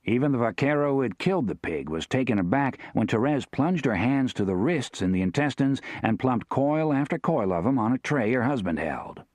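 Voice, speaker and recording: A man narrating a western novel as an audiobook, telling the story in a steady, expressive way. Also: mid-range voice, a little fast, hardly any pauses, dry recording.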